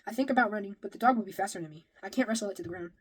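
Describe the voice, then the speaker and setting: A woman's voice: mid-range voice, very fast, low-quality recording. A woman reading a novel aloud in the first person, now and then stumbling and rereading a phrase. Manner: first-person storytelling with occasional slips and rereads. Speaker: reader.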